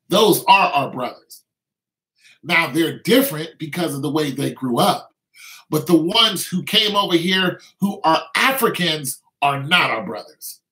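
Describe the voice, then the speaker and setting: A man's voice: fairly high pitch, pushed and bright, low-quality recording. A man from the United States talking in an emphatic, rambling way, with many restarts and "you know what I'm saying" asides. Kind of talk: casual opinionated talk.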